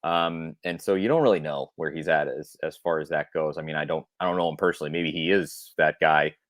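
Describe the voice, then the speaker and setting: A man's voice: very deep voice, brisk, no echo, studio quality. A man co-hosting a sports podcast, talking casually and thinking aloud with frequent restarts. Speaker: podcast co-host.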